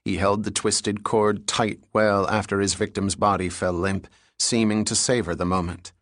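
A man narrating a thriller audiobook in a steady, even reading. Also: lowish voice, moderate pace, no room sound, clean studio sound.

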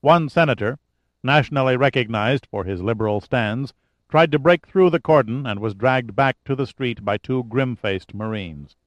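Measured male audiobook narrator, dry sound. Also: mid-range voice, no echo. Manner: measured, steady reading.

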